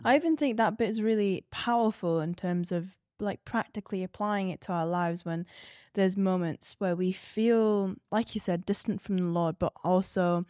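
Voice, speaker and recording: A woman sharing earnest, reflective thoughts in a casual devotional discussion, often drifting softer. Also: medium pitch, normal speed, dry recording, clean studio sound. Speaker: Bible discussion participant.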